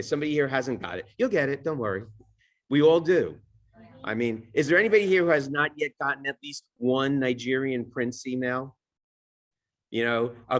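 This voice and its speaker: A man at a mid-range pitch leads a live training session in a loose, conversational manner. He keeps asking the room "all right?" and fixes his own wording mid-sentence. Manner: self-correcting, restarts sentences. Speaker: real estate training instructor. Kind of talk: live training talk to an audience.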